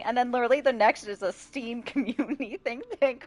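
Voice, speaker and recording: A woman's voice: fairly high pitch, very animated, moderate pace, faint music behind. A woman game streamer chatting casually and rambling, laughing often and swearing freely. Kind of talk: casual live-stream chat.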